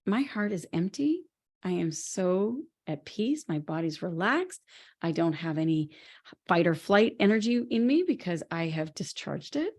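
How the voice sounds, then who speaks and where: A woman co-hosting a podcast in relaxed conversation. Her voice sits a little low. She tells her stories in an animated way and laughs easily as she talks. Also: a little slow. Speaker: podcast co-host. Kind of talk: casual conversation.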